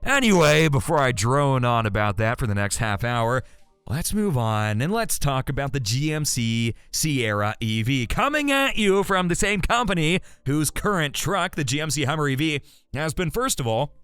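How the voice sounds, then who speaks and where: A man's voice: medium pitch, moderate pace, clear, resonant tone, no echo, soft background music. A man hosting an electric car news show, talking in a chatty, rambling way with lots of asides, and his voice sounds tired and strained. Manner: chatty, animated, full of restarts and asides. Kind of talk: casual solo commentary.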